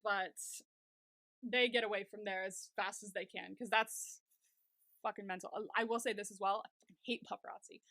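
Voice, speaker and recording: A young woman co-hosting a podcast, talking in casual chat, animated and swearing freely. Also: medium pitch, no room sound, clean studio sound. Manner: animated, swears freely, quick bursts of anger. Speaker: podcast co-host.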